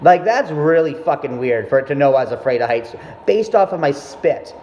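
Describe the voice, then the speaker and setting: A man's voice: fairly high pitch, animated, moderate pace, darkish tone. A young man telling a rambling, profanity-laced story about his mother in a casual monologue. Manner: rambling, profane, self-interrupting. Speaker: vlogger. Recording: echoey, dull room sound with faint noise.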